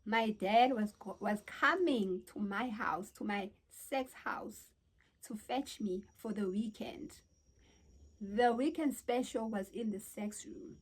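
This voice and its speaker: Animated young South African woman vlogger. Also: medium pitch, takes it slowly, husky. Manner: animated, exclamatory storytelling. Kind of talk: casual storytime chat.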